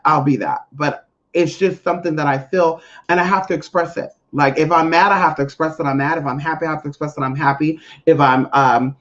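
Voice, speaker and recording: A spiritual reader in a casual monologue to viewers, blunt, profane and emphatic, with big swings in pitch. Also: fairly quick. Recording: dull lo-fi audio.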